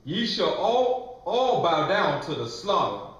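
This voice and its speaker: A man reading scripture aloud in a loud, slow, measured voice. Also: a little high, very animated, muffled recording. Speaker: scripture reader. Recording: echoey room, mic far off.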